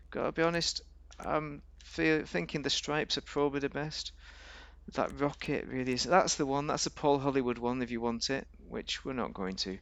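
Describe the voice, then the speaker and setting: A man with a gravelly, fry-tinged voice talks his way through a game in loose, chatty commentary. He rambles, jokes and argues with himself, and his pitch jumps up and down mid-sentence. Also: bright, forceful tone, no echo. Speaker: gaming video host. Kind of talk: casual gameplay commentary.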